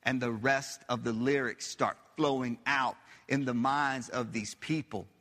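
Male pastor preaching in a church sanctuary; bright, driving delivery, rhetorical questions to the congregation, echoing hall. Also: mid-range voice, fairly even intonation, measured pace. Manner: emphatic, repeats phrases, asks the audience questions. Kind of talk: sermon.

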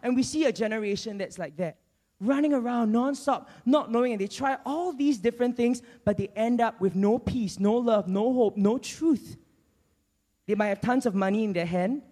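A man preaching a sermon, telling a Bible story in an animated way and acting out its characters. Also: very high voice, normal speed. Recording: long church hall reverb.

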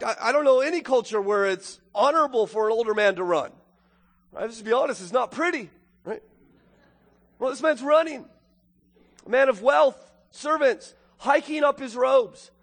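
A male pastor preaching a sermon, moving from quiet reflection to loud, emphatic preaching. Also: extremely high pitch, big-room sound.

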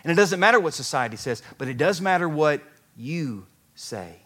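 High-voiced man preaching an animated sermon. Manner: animated, acts out biblical characters' lines; drops soft and slow for emphasis. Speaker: pastor.

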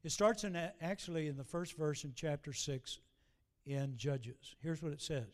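A man preaches a sermon in a fairly high voice. He talks in a folksy, storytelling way and slows down deliberately whenever he reads scripture aloud.

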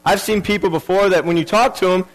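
A man's voice: high voice, steady tone, quick pace, poor audio. A man preaching a sermon earnestly, repeating key phrases and restarting his sentences.

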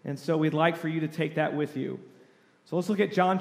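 A man's voice: a little high, brisk, creaky. Earnest preaching man in echoing church. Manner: earnest, emphatic preaching with repetitions. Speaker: pastor. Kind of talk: sermon with scripture reading. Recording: long hall reverb.

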